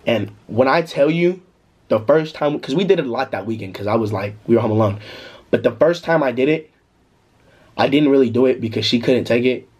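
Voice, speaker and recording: A young man tells a story to his vlog in a loose, slangy, animated way. His voice is husky and a little breathy, and it swings widely in pitch, jumping high whenever he gets worked up. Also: fairly quick. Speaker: vlogger. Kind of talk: casual storytime.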